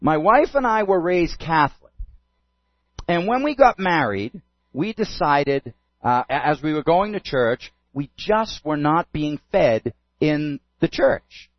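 A preacher voicing an earnest husband confiding. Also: male voice, fairly high pitch, expressive, takes it slowly, no room sound. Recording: dull, dry lo-fi sound.

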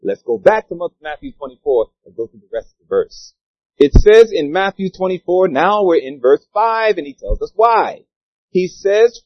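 A man preaching a sermon, asking his congregation questions and swinging between loud declarations and quiet asides. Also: high voice, very animated, normal speed, no room sound, dull audio. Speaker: pastor.

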